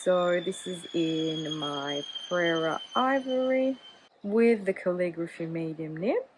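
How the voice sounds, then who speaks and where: A woman's voice: lowish voice, takes it slowly, background noise. A woman vlogging about her hobby in a cozy, casual chat, often hedging with "kind of". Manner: chatty, hedging with many "kind of"s. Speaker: fountain pen vlogger.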